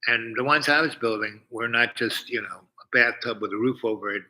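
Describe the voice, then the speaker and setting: An older man from New York telling a long personal story in a halting way, full of fillers and restarts. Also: medium pitch, steady tone, sharp tone, rough recording. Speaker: storyteller host. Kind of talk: rambling personal anecdote.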